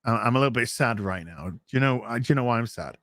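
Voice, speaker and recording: Brief: male streamer, animated reading of chat donations, bright tone, dry mic. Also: mid-range voice, fast, no echo. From England. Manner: animated, chatty, reads donor messages aloud. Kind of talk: casual live stream chat.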